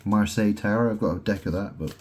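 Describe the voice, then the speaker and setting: Speaking quickly in a lowish, slightly mellow voice, a man records a meandering monologue alone at home. Wordplay fills his talk, and "right?" pops up often. A little hiss or hum is audible.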